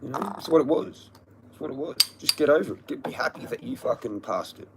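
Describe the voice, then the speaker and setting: A man's voice: fairly high pitch, sing-song, brisk, vocal fry, background noise. Ranting man on a livestream. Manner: ranting, profane, repetitive. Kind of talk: angry livestream rant.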